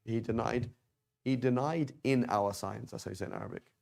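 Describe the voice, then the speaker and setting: A man's voice: medium pitch, a little fast, vocal fry, darkish tone. A man teaching an informal Arabic class, talking conversationally and tossing rhetorical questions at his students.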